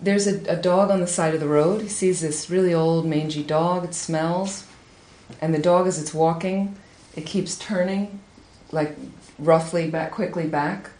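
A woman giving a Buddhist talk, telling a teaching story with lively, high-pitched acted quotes. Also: measured pace. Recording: echoey room with faint ambience.

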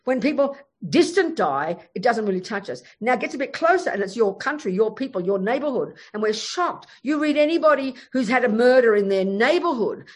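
A woman's voice: a little high, slightly rough. A woman giving a Buddhist teaching, emphatic and frank, telling stories as she goes. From Australia. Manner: animated, emphatic, frank storytelling. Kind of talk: Buddhist dharma talk.

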